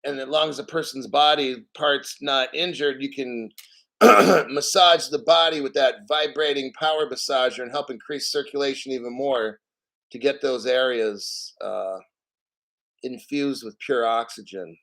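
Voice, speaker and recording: A man hosting a casual livestream, reading out donations and ranting bluntly with lots of swearing and frequent throat clearing. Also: mid-range voice, steady tone, unhurried, a bit bright. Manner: blunt, profane, combative. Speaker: crypto livestream host.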